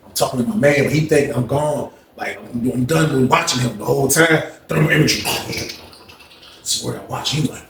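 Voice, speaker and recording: A man telling a story in a casual, slangy way, animated and acting out the dialogue. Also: mid-range voice, normal speed, creaky. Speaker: storyteller recounting prison life. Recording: echoey room with faint noise.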